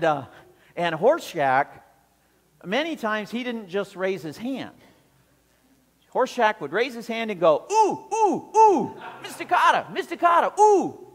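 Animated preacher with lively pitch. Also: male voice, big-room sound. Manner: animated, acts out scenes with voices. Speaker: pastor. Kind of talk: sermon.

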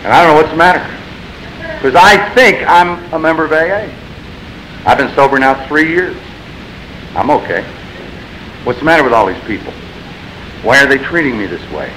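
A man stands up at a recovery meeting and tells his own story, blunt and self-mocking, swinging between wry humor and exasperation. His voice is bright and sits a little high, with a faint hiss running under the recording. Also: lively intonation, moderate pace, pauses often, rough recording. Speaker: AA speaker sharing his story. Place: meeting room.

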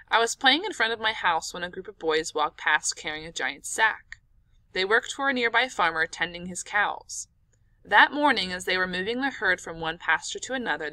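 A woman narrating an audiobook in an expressive, dramatic storytelling manner. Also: fairly low pitch, dry recording.

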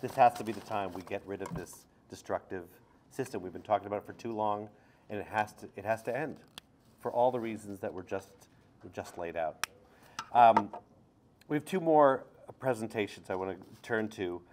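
A man's voice: fairly low pitch, moderate pace, a little mellow. A man moderating a briefing, introducing speakers in an earnest way with some restarts.

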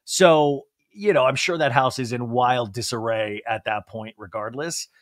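A man chatting casually on a podcast, animated and laughing often, sometimes mimicking people in a low drawl. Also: a little slow, no echo, studio quality. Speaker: podcast guest. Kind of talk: casual chat.

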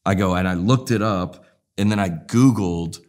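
A comedian as interview guest, talking in a rambling, animated way and acting out voices in his stories. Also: deep voice, moderate pace. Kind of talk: casual interview storytelling.

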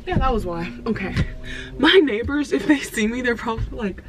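A woman's voice: a little high, expressive, normal speed, over loud music. A woman in her early twenties chatting casually to her viewers, rambling with lots of fillers while filming herself on a phone inside a parked car. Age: early 20s. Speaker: vlogger. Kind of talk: casual vlog chat.

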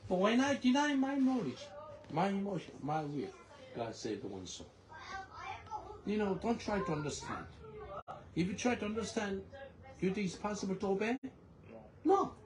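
Animated male preacher, echoey church hall. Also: high voice, moderate pace, pauses often, crowd noise. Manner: animated storytelling, non-native phrasing, frequent laughter. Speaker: pastor. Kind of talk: sermon with testimony. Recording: echoey room with congregation. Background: congregation responding.

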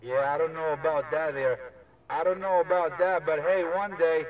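A man chatting over CB radio, speaking in a drawn-out way full of radio jargon. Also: a little high, fairly even intonation, muffled recording. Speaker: CB radio operator. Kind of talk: casual CB radio chat with trucker lingo. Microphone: CB radio handset. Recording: distant radio voice with crowd noise.

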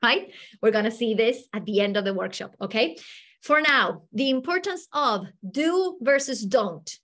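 A middle-aged woman leads a live online teacher workshop over a video call, her voice sitting a little high. She speaks in an animated, upbeat way and coaxes her audience along. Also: normal speed. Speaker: teacher trainer leading a workshop.

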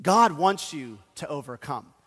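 A man's voice: a little high, animated, a little slow, breathy edge. A man preaching a sermon as pastor, telling stories with self-deprecating asides and urging the congregation. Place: church sanctuary. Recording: long church hall reverb.

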